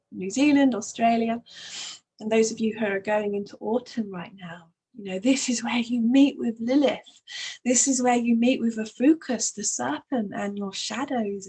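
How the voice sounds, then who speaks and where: A woman hosting a spiritual astrology talk, speaking in a soft, flowing way with many "you know"s. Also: on the high side, slightly rough, low-quality recording. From Northern Hemisphere. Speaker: astrology channel host. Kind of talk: spiritual monologue to camera.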